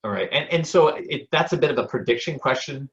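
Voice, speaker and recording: A man talking in a lively, storytelling way as a guest on a motivational interview show, often repeating a word as he starts a phrase. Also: medium pitch, fairly quick, highs cut off. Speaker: guest speaker and speaking coach.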